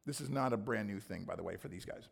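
Hoarse gravelly preacher, a man. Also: fast talker. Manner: animated, acts out complaints with sudden loud high bursts. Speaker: pastor. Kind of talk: sermon.

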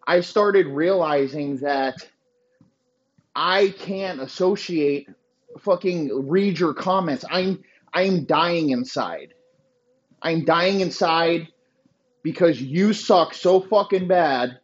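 A man hosting a podcast, delivering a crude, boastful, insulting comedic rant. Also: on the high side. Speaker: podcast host. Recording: dull lo-fi sound.

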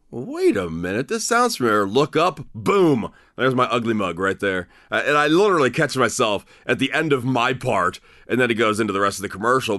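Recorded dry with clean studio quality, this mid-range male voice belongs to a podcast host walking through a wrestling review. He's animated and opinionated, often restarting his sentences and leaning on fillers in a loose, casual style.

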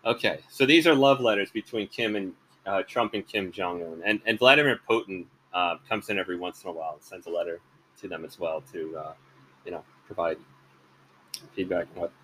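A man's voice: sits low, fairly quick, pushed and bright, a little hiss or hum, poor audio. A man hosting a podcast, talking in a rambling, hesitant casual monologue. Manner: rambling, hesitant, many fillers and restarts. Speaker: podcast host.

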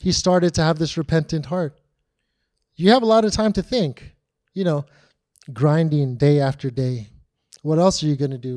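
A man preaching a sermon, retelling the story dramatically and dropping to a hush on key lines. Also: on the high side, a little slow.

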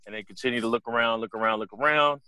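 A young man co-hosting a casual podcast, telling a story in an animated, profane way and acting out the other people's voices. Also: medium pitch, very fast, clean tone, dry recording.

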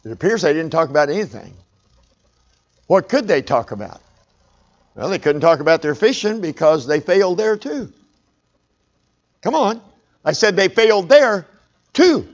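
A man's voice: a little high, big pitch swings, moderate pace, long pauses, darkish tone, lo-fi sound. A man preaching a sermon, telling a story conversationally and calling for amens.

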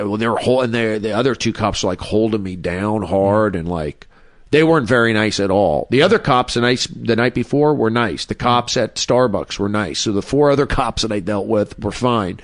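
A man's voice: on the low side, dry recording, studio quality. A man, a comedian guest, telling a personal story in a casual, rambling way with many fillers and restarts. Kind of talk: casual storytelling in a podcast interview.

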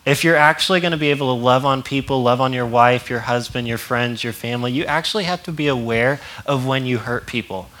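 A man's voice: medium pitch, steady tone, fairly quick, few pauses, fairly bright tone. A young man preaching a sermon in a casual, conversational way, often laughing and acting out quotes. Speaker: pastor.

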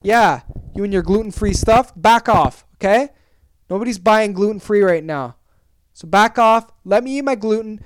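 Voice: medium pitch, normal speed, slight background noise. Young adult podcast host on a comic rant. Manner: exaggerated, animated ranting with swearing.

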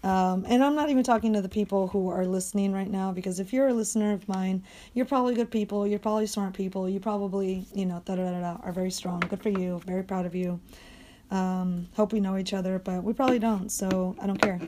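A woman's voice: medium pitch, fairly even intonation, fast, noisy background. A young adult woman talking alone on her podcast in a casual, rambling way, blunt and full of swearing and fillers like "like".

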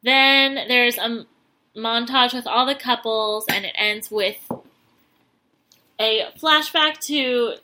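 A young woman chatting casually as a podcast co-host, retelling a reality show in an animated, giggly way full of fillers. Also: fairly high pitch, slow pace, long pauses. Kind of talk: casual TV recap chat.

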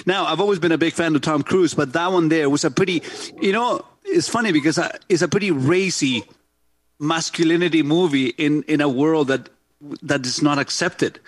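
A man's voice: on the high side, moderate pace, no echo. Middle-aged guy hosting a talk show, loose rambling chat, laughs a lot, dry studio mic. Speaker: podcast host.

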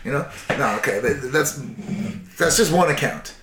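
A man's voice: medium pitch, expressive, moderate pace, a bit bright, slight background noise. Tipsy, profane male storyteller; rambling casual chat in a roomy space. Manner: profane, rambling, acts out voices. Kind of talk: casual drunken history chat.

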